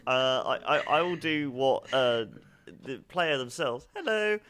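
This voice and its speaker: A man player in a tabletop game, speaking haltingly with many restarts. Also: medium pitch, animated, a bit bright, clear, resonant tone. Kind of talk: tabletop role-play chat.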